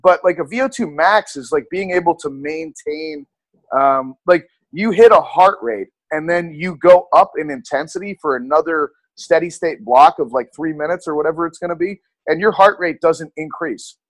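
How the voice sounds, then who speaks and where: A young man talking as a podcast guest, relaxed and casual, filling his speech with "like" and "you know". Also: a little high, moderate pace, vocal fry, dry recording. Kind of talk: casual interview chat.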